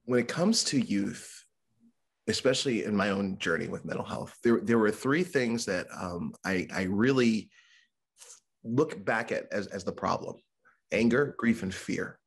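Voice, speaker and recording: Guy with a low raspy gravelly voice, mental health speaker telling his own story on a podcast, candid and chatty. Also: a little slow. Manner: candid and conversational, acts out quoted voices. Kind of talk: podcast interview, personal story.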